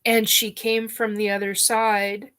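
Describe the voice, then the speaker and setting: Woman vlogger crying thru her story, slow and halting, lots of restarts and sniffles. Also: medium pitch, little pitch movement, a bit bright, clear, resonant tone. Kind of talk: emotional personal storytelling. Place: her living room, TV on.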